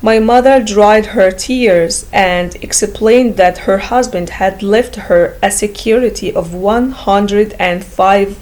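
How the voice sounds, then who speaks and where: A woman's voice: medium pitch, slow, hardly any pauses, darkish tone, poor audio. A woman reading a classic novel aloud as an audiobook narrator, in a careful storybook manner.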